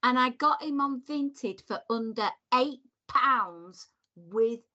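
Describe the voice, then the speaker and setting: A woman co-hosting a chatty podcast, animated and full of exasperated asides. Her voice is bright and fairly high. She swings her pitch widely as she tells a story. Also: slow, highs cut off. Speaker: podcast co-host. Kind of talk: casual chat.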